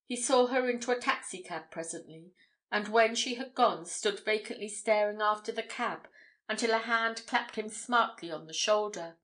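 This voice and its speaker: A woman narrating an audiobook in a measured, steady reading voice. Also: mid-range voice.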